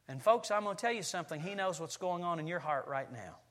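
A man in his forties preaching a Sunday sermon, his voice pitched a little high and ringing with forceful brightness. He tells stories with animation, acting out scenes as he goes. The sound carries a long reverb from a church sanctuary. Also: lively intonation, a little fast, few pauses. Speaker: pastor.

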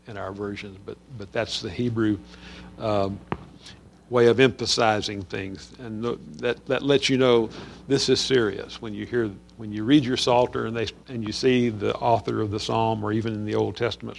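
A man's voice: mid-range voice, vocal fry, slight background noise. A man teaching a Bible study on a Psalm in a conversational way, with frequent fillers and restarts.

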